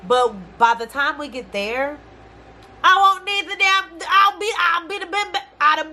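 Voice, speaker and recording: A young woman vlogging a casual storytime rant, animated and exasperated, swearing freely in slangy speech. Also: very high-pitched, unhurried.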